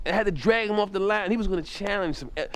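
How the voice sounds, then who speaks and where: Animated man telling a stand-up story. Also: rapid-fire. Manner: animated, repetitive restarts, jumps up in pitch for impressions.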